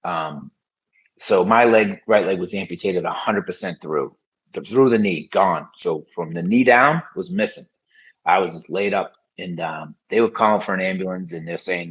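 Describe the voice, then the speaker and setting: A man's voice: sits low, normal speed, fairly bright tone, slightly rough, poor audio. A man as a podcast guest, telling his story in frank, casual conversation with many fillers.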